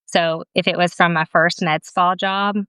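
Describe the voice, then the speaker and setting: A woman's voice: on the low side, measured pace, smooth, dry recording. A woman esthetician and business owner telling stories in a casual interview, chatty and laughing often. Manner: chatty, laughs often, quotes others in lively asides; calls herself camera shy.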